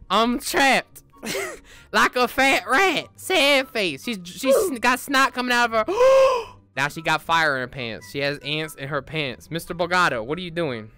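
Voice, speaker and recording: A man doing goofy, excited commentary while playing a VR game, with loud outbursts. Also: sits high, a little slow, faint music behind. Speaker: gaming YouTuber.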